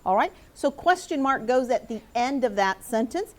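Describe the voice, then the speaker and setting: Middle-aged female teacher, higher pitch, clear and encouraging classroom delivery. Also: lively intonation, normal speed. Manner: clear, encouraging, calls on students by name. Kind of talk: classroom lesson for students and viewers.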